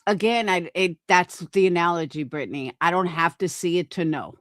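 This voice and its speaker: A woman in a heated stream argument, combative and profane, laying out her point deliberately. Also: fairly low pitch, fairly bright tone, dry recording, clean studio sound.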